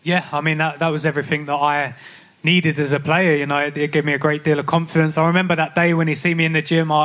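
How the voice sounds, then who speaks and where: Young man with an even, flat voice. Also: on the high side. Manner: candid, reflective, frequent restarts. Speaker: guest, professional footballer. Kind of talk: live podcast interview. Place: live stage event at a club.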